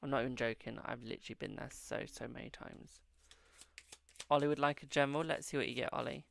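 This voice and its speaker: Very gravelly man reading tarot. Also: medium pitch, fairly even intonation, quick pace, fairly bright tone. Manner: affectionate, calls viewers "my darling". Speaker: tarot reader hosting a live stream. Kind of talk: casual live-stream tarot readings.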